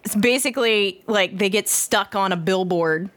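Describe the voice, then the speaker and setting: A woman chatting casually on a podcast, animated and laughing, acting out quotes. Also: mid-range voice, moderate pace, no room sound. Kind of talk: casual chat.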